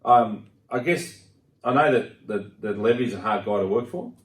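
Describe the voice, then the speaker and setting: Casting: deeper male podcast guest, rambly, sitting back from the mic. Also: normal speed, recorded from a distance. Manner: chatty, rambling with fillers. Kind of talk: casual football chat. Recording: roomy sound from off-mic.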